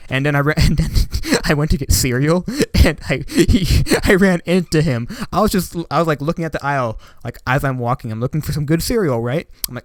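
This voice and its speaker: A young man telling a personal story to camera in a rambling, animated way, full of filler words. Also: a little high, quick pace, no echo. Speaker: YouTuber. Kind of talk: casual storytime monologue.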